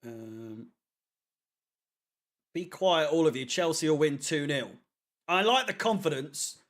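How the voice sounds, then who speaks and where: A man talks casually to a live chat, loose and rambling with plenty of ums. His voice sits a little high for a man. He swears offhandedly as he goes. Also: expressive, takes it slowly, fairly bright tone. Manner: rambling, chatty, swears casually, many fillers. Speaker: fan channel watchalong host. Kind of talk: casual live-stream chat reading comments.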